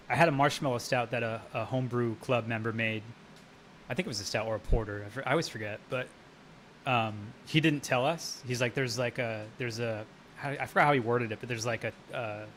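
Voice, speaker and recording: A man's voice: mid-range voice, a bit bright, a little hiss or hum. A man chatting casually on a live brewing stream, rambling and swearing freely as he tells stories and answers chat. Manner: rambling, profane, laughs while telling stories.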